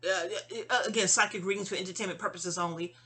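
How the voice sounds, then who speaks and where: Middle-aged New York woman, husky and bright, casual rambling storytelling with lots of fillers. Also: lowish voice, fairly even intonation, fast. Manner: rambling, digressive, full of fillers and restarts. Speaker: vlogger telling a memoir story.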